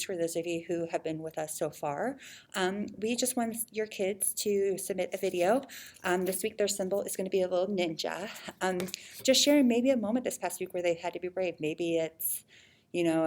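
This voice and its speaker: Woman, 30s, children's ministry leader, relaxed chatty video message to parents, lowish voice, loose filler-heavy delivery with easy laughs.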